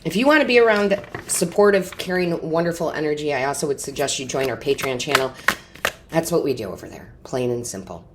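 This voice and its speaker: A woman with a notably low voice delivers an intuitive tarot reading to her viewers. She speaks with earnest, heartfelt feeling and keeps checking in with a quick "right?" or "okay?". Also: lively intonation, heavy background noise. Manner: earnest, emotional, often asks "right?" and "okay?". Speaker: tarot reader and medium.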